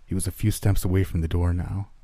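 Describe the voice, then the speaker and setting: Deep-voiced man narrating a horror story. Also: level tone, fast, mellow, no room sound. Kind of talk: first-person horror narration.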